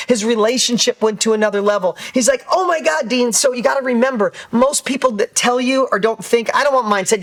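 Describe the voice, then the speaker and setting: A man's voice: extremely high pitch, a bit bright. A man in his fifties giving a motivational talk as a business coach, emphatic and repetitive, acting out quotes as he goes. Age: 50s.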